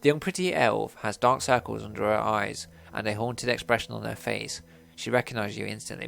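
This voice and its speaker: A man's voice: lowish voice, steady tone, brisk, creaky, a bit bright, faint music behind. A man narrating a video game playthrough, reading its text aloud and joking in a laid-back way. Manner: laid-back, jokey, swears casually. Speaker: let's play narrator.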